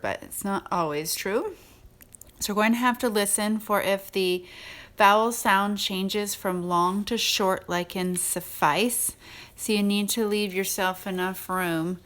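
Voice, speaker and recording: A woman's voice: mid-range voice, fairly bright tone. A woman teacher giving a recorded spelling lesson, patiently sounding out words and sorting them aloud.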